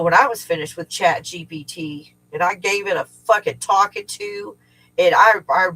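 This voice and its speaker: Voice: mid-range voice, normal speed, pushed and bright, breathy edge, poor audio. Middle-aged host swearing through a rambling livestream rant. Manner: rambling, profane, venting with frequent swearing. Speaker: livestream host and remote viewing teacher. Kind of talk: casual livestream chat. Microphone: livestream setup.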